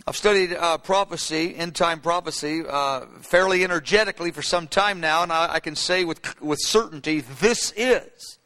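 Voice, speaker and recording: A male preacher with a high, bright, forceful voice teaches from his notes. He speaks emphatically and builds to fervent, repeated cries. His voice rings with the long reverb of a large hall.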